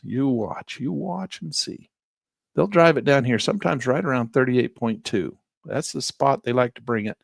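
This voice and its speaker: A middle-aged man running a live trading class. His voice leaps around with lots of animation and has a gravelly edge. He teases and jokes as he narrates the market, and the sound is close and dry. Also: medium pitch, no echo. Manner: animated, teasing, playful narration of market moves. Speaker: trading instructor.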